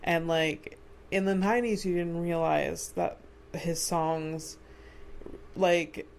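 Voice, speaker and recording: A woman's voice: on the low side, steady tone, takes it slowly, vocal fry. A woman comedian hosting a podcast in casual chat, laughing often and agreeing readily. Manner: giggly, agreeable, frequent backchannel yeahs.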